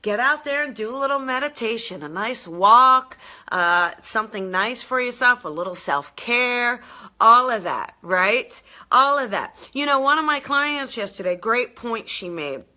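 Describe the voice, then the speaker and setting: A woman hosting a live motivational talk, bubbly and animated, laughing often and answering viewer comments as she goes. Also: a little high, unhurried. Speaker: intuitive coach and live show host. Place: live video stream.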